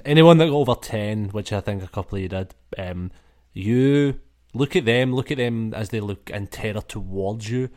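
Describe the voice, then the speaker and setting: A man's voice: fairly low pitch, darkish tone. A man narrating and running a tabletop role-playing game in a casual, swearing way with many fillers. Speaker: game master.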